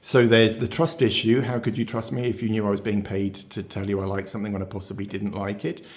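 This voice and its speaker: A man's voice: on the low side, little pitch movement, fast talker. A man hosting his beauty channel, talking casually to viewers with lots of fillers, restarts and rhetorical questions. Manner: chatty, rambling, many fillers and restarts. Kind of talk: casual talk to camera.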